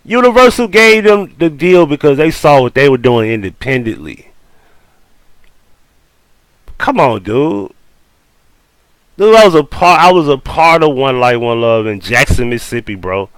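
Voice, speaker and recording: A man's voice: mid-range voice, lively intonation, measured pace, long pauses, smooth, no echo, low-quality recording. A man with a New Orleans accent giving casual commentary on a video. He argues bluntly, swears often and corrects what he hears. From Louisiana. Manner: blunt, profane, argumentative. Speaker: host reacting to a video.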